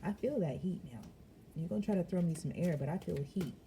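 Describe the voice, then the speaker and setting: A fast-talking woman with a warm, fairly low voice gives a laid-back tarot reading over slight background noise. She has young children, chats easily with her "y'all" audience, and frequently laughs.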